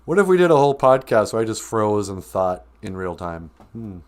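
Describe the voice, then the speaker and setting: Man, livestream podcast host, joking, very lively pitch. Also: moderate pace. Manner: joking, greets chat viewers, slips into silly voices. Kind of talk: casual livestream chat.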